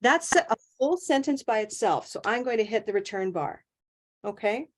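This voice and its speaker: Female pronunciation teacher on a video call, mid-pitched, upbeat, demonstrates phrasing by slowing right down. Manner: encouraging, laughs often, stretches words to demonstrate. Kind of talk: online class teaching.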